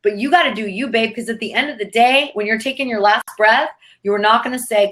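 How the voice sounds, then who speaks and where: A woman's voice: fairly high pitch, brisk, a bit bright. Emphatic woman coaching. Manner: emphatic, preachy, swears freely. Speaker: guest coach. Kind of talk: motivational interview talk.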